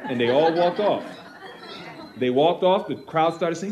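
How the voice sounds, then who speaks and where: A man, a pastor, telling a personal ministry story at a panel Q and A, animated and acting out the voices of the people he quotes. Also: fairly high pitch, moderate pace, a little hiss or hum.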